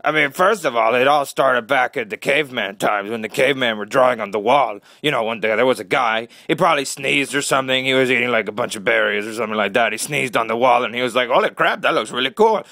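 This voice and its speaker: A man's voice: mid-range voice, fast, vocal fry, hardly any pauses, sharp tone, dry recording. A young man delivering a rambling, mock-serious comic rant about art history, full of fillers. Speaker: satirical ranter.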